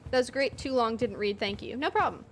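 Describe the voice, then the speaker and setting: A woman streamer reacting to a story game from home, excitable and quick to swear. Her voice sits a little high, with faint noise behind. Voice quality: excitable and profane. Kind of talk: casual game commentary.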